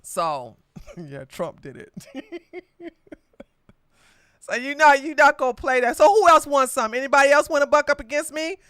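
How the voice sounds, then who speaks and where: A woman's voice: high voice, sing-song, a little slow, long pauses, a bit bright, no echo. A woman hosting a livestreamed political commentary podcast, talking in a combative, mocking way with frequent laughter. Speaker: podcast host.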